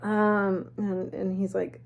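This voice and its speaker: A woman telling a spooky personal story in a chatty, animated way with snarky asides. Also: medium pitch, slow pace, creaky, slight background noise. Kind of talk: casual storytelling.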